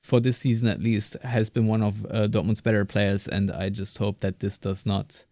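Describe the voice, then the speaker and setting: A man's voice: lowish voice, flat delivery, normal speed, warm tone, dry recording. A man co-hosting a podcast in casual discussion, talking hesitantly with many fillers and restarts. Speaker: podcast co-host.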